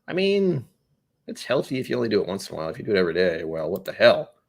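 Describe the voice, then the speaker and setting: A man's voice: lowish voice, very animated, rapid-fire, creaky. Rambling man hosting a whiskey livestream. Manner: rambling, jokey, talks to chat viewers by name. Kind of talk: casual live-stream chat reading comments.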